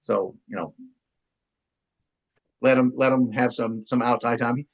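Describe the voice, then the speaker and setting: A man's voice: mid-range voice, steady tone, measured pace, creaky, highs cut off. A middle-aged man chatting as an interview guest, rambling along with many stammered restarts and repeated words. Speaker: guest, longtime ska radio DJ and promoter. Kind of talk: casual chat.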